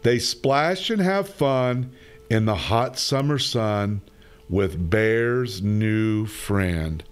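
A man reading a children's picture book aloud in a slow, expressive, sing-song manner. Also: lowish voice, clean tone. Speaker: storyteller.

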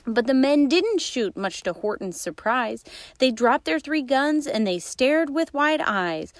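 Woman storyteller, rhyming picture-book read-aloud, lively, somewhat high voice, dry close recording. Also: a little slow, no room sound. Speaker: insurance agent reading aloud.

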